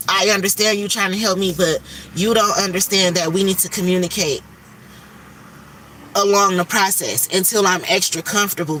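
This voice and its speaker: A woman's voice: medium pitch, a bit bright, distant mic, slight background noise. A woman hosting a livestream, talking candidly and emphatically about faith and stress and swearing freely. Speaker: livestream host.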